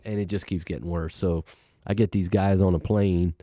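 Deep-voiced man telling a story casually. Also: normal speed, no echo, clean studio sound. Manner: animated, acts out quoted voices, laughs while telling. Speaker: guest telling a personal story.

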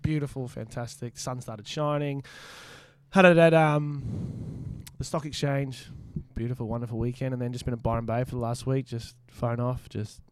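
An Australian man co-hosting, telling stories in a relaxed, chatty way. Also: mid-range voice, normal speed, clean tone, no room sound. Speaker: co-host. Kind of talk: casual chat.

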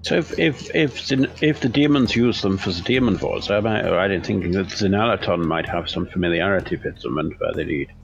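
A man's voice: low voice, brisk, vocal fry, hardly any pauses, dull audio, soft background music. A man playing in a tabletop game, asking questions and speaking politely formal in character. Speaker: player. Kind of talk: tabletop role-play.

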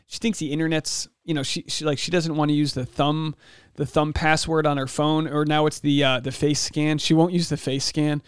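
A man's voice: fairly high pitch, clear, resonant tone, no room sound, studio quality. A young man hosting a solo podcast, talking in a chatty, rambling way with many fillers and restarts. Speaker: podcast host.

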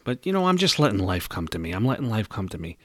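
A man's voice: on the low side, very animated, fast talker, a bit bright, dry recording. A young man hosting his own podcast, venting in a casual, heated, profanity-laden rant. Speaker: podcast host.

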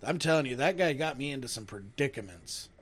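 A man co-hosting a podcast, telling profane, animated stories with friends and laughing through them. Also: medium pitch, a little fast. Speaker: podcast co-host. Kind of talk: casual storytelling chat.

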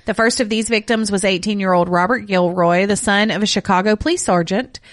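A woman co-hosting a true crime podcast reads out case details at a brisk pace, breaking off into blunt, profane asides. Her medium-pitched voice is captured dry, with studio quality.

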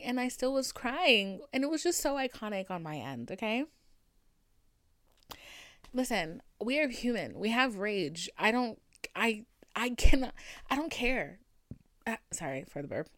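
A woman in her twenties, a podcast host telling a story in casual talk. She swears freely and swings from hushed whispers to loud ranting. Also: mid-range voice, sing-song, moderate pace, no room sound. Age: 20s.

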